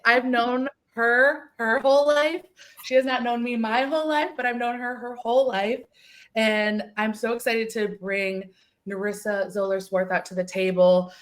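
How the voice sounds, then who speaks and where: A woman hosting a casual podcast chat, gushing and emotional, repeating words for emphasis. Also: a little high. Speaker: podcast host.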